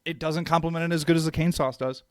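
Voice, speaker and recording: A man's voice: on the high side, fairly even intonation, quick pace, a little mellow, clear, resonant tone, dry recording, studio quality. A man co-hosting a podcast in casual chat, laid-back and swearing freely, often repeating himself. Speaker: podcast co-host.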